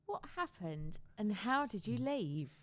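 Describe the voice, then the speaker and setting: A woman's voice: medium pitch, big pitch swings, slow pace, no echo. A woman in a casual chat, answering with short sympathetic remarks.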